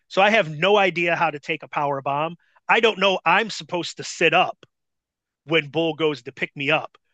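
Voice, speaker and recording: A man recounts a wrestling story in a casual, profanity-laced, animated way. His voice sits high with a bright, forward tone. The recording is dry and close. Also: moderate pace, dry recording. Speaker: podcast guest, former wrestler. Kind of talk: casual anecdote telling.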